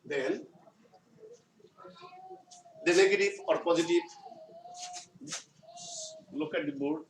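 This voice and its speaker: A male teacher with a Bangladeshi English accent giving a classroom grammar lesson, speaking slowly and repeating his phrases. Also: on the high side. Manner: slow, repetitive explaining, often restating phrases. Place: school classroom. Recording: echoey room, far mic, noisy background.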